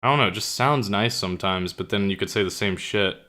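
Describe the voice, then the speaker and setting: A man's voice: fairly low pitch, a little fast, bright, forceful tone. A young man streaming and chatting casually with his viewers, rambling with lots of fillers and casual swearing. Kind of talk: casual chat with live chat. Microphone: own streaming mic.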